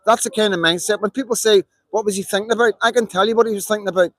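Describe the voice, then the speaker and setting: A man's voice: sits high, fairly even intonation, very fast, fairly bright tone, dry recording, poor audio. Man, Belfast accent, live-stream monologue, emphatic and repetitive, dry close sound. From Northern Ireland.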